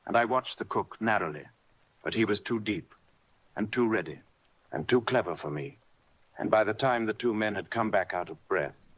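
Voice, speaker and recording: A male audiobook narrator reading a classic adventure in a measured, steady way. His voice is fairly low yet bright and forceful in tone. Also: husky, poor audio. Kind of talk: scripted narration.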